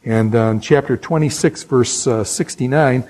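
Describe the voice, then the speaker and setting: Husky-voiced man giving a Bible lecture. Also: mid-range voice, moderate pace, poor audio. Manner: conversational storytelling, drops to hushed earnest tones. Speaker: Bible teacher. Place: New England.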